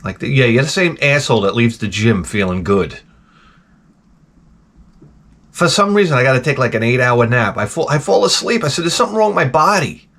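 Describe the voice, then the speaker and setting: A man's voice: medium pitch, very animated, fast, hardly any pauses, a bit bright. Profane middle-aged man ranting. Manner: profane, exasperated grumbling. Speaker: show host. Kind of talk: casual ranting monologue.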